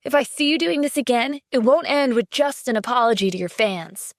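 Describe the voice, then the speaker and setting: A woman voicing a calm, stern young man who heads a security department, speaking firmly in an audio drama. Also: a little high, a little fast, dry recording, studio quality. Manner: cool, firm, demanding. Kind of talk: audiobook character voice.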